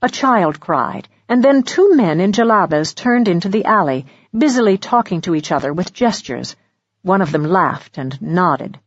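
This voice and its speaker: A woman narrating a mystery audiobook in a steady, measured storytelling voice. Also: lowish voice, husky, dry recording, lo-fi sound. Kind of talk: scripted narration.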